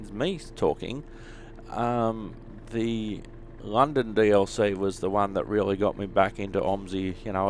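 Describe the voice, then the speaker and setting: Dry-humoured Australian man, low voice. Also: a little mellow, a little hiss or hum. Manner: dry, joking Q&A delivery. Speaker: YouTube gaming host. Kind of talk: bus simulator gameplay commentary.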